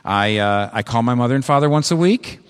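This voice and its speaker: A man's voice: medium pitch, animated, brisk, clean tone, long reverb tail, natural voice. A man voicing a self-satisfied male Pharisee who breezily ticks off the rules he keeps, in a smug, joking manner.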